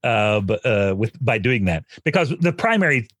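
A middle-aged man with a husky, slightly breathy voice explains how he teaches singing, laying out each idea with care. He sounds close to the mic in a dry, deadened room. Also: lowish voice, very animated, moderate pace, fairly bright tone, no echo. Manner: thoughtful, explanatory. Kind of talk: podcast conversation.

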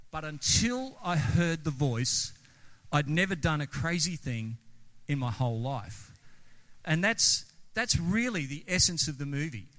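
A pastor delivers a sermon in a conversational way, putting questions to the congregation. His voice leans high with a fairly bright tone, and the long reverb of a large hall surrounds it.

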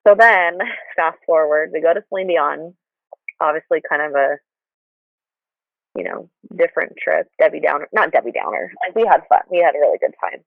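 A woman's voice: sits low, expressive, normal speed, gravelly, dry recording. A woman guest telling her story candidly, rambling with frequent restarts. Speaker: podcast guest. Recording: tinny phone line, dry.

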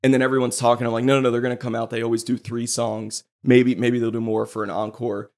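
A man hosting a podcast, excitedly telling a story in casual chat and swearing freely. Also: mid-range voice, fast talker. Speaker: podcast host.

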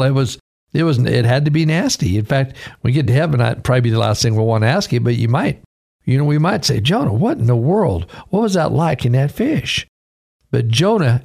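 A man's voice: mid-range voice, vocal fry, a little mellow. A man, a pastor and radio host, preaching earnestly and reading scripture aloud in a radio sermon.

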